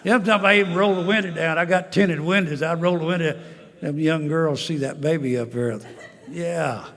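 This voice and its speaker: A man in his seventies tells his life story to a recovery meeting, folksy and dry-humored, chuckling at his own jokes. His voice sits a little high with a steady tone and normal speed. The sound is big-room, with a crowd in the background.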